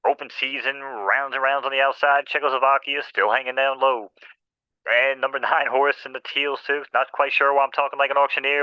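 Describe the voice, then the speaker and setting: A man calling a horse race with playful, rhythmic, rapid commentary. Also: mid-range voice, little pitch movement, smooth, no room sound, highs cut off.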